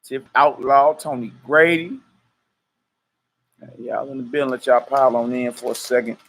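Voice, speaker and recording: A man hosts a relaxed ministry livestream, calling out viewers by name and hyping them up. He laughs easily and talks loosely in a mid-pitched voice. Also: moderate pace, slight background noise. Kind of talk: casual livestream chat before prayer.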